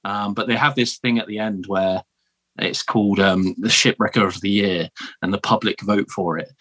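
A British man with a fairly low voice talks as a podcast guest. His storytelling is easygoing and chatty, with frequent "man" and "um" along the way. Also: fairly even intonation, normal speed, a bit bright. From United Kingdom. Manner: laid-back, chatty, often says "man" and "um". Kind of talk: casual interview storytelling.

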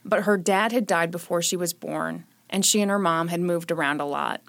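A woman's voice: lowish voice, normal speed. A young woman hosting a podcast, telling a true-crime story in a casual, sarcastic way. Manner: sarcastic, joking. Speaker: podcast host.

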